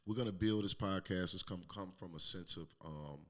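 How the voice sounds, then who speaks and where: A middle-aged man hosting his own podcast, telling a raw, emotional personal story with plenty of profanity and sometimes dropping to a hush. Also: deep voice, brisk. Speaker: podcast host. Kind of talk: candid personal monologue.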